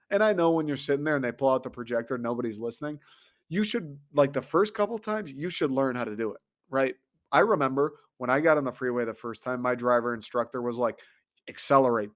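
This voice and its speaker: Male host, comedic rant, sarcastic and profane, average pitch. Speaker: podcast host.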